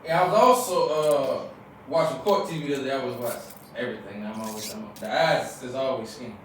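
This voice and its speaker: A man's voice: mid-range voice, fast, slight background noise. A man hosting a casual podcast, telling stories animatedly, acting out voices and laughing often. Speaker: podcast host.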